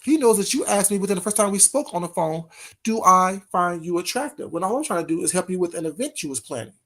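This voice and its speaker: A man's voice: high-pitched, animated, rapid-fire, a little mellow. A man hosting a casual livestream, talking straight to his chat in a heated, repetitive way. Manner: heated, talks straight to chat, repeats phrases. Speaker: livestream host.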